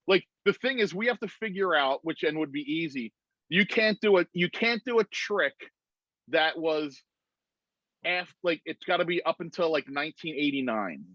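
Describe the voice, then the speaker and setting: A man on a video call, telling a story in a rambling, animated way full of "like"s. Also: a little high, normal speed, no echo. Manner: rambling, animated retelling with many "like"s. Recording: muffled video-call audio.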